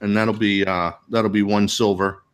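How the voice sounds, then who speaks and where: Low-pitched older guildmaster, put on by a man, formal, halting delivery, tabletop game. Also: little pitch movement, lightly acted. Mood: businesslike. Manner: polite, hesitant, full of filler pauses. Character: middle-aged to elderly male guildmaster, formal and businesslike.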